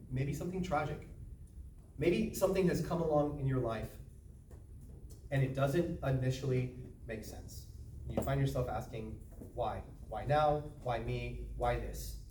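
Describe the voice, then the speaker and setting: A man's voice: medium pitch, dark tone. A man presenting a speaking-skills training talk to a small group, conversational and joking but earnest. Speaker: workshop presenter. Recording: echoey room, from far off, background noise.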